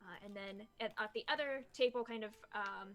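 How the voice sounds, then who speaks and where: A woman narrating as game master of a tabletop game, pausing often with fillers as she describes the scene. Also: mid-range voice. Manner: halting, many fillers while describing scenes.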